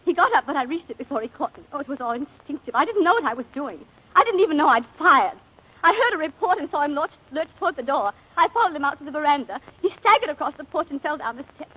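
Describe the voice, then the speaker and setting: An actress in 1940s radio acting, playing a planter's wife who haltingly confesses a shooting and breaks down emotionally. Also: female voice, high voice, very animated. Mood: distraught. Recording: narrow-band 1940s radio broadcast.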